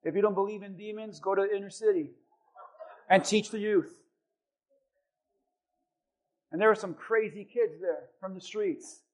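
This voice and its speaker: A man, a pastor, preaching a sermon and telling personal stories, acting out the quoted voices with lively swings in loudness. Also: high voice. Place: church.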